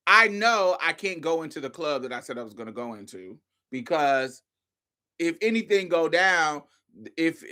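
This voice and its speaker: Bright, animated woman telling a story. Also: fairly low pitch. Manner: animated, profane, addresses listeners as y'all, honey and baby. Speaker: host. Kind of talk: casual storytelling to an audience.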